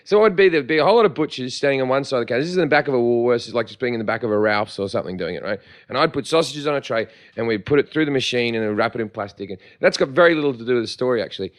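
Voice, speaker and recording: An Australian man in casual podcast chat, telling profane, laughing stories at a quick clip. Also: mid-range voice, lively intonation. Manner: fast, profane, laughing storyteller. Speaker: podcast co-host.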